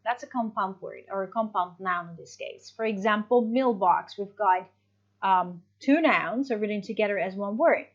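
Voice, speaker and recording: A woman's voice: medium pitch, moderate pace, muffled recording. A woman English teacher giving a recorded lesson, explaining patiently and checking in with her students as she goes.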